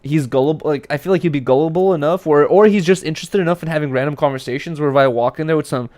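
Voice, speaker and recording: A man's voice: fairly high pitch, rapid-fire, dry recording. A young man telling stories in casual podcast chat, with lots of slang and acted-out quotes. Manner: animated storytelling, acting out quotes. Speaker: podcast co-host.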